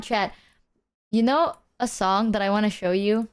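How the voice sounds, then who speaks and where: A woman's voice: medium pitch, fairly even intonation, measured pace, smooth. A woman streamer chatting casually with her viewers, playful and swearing freely, breaking into silly sung bits.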